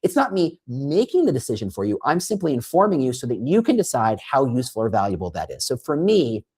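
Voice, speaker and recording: Lively husky man explaining with acted-out quotes. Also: medium pitch, fairly quick. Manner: lively, acts out quoted prompts and reactions. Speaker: guest, recruiting consultant. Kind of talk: animated conversational explanation.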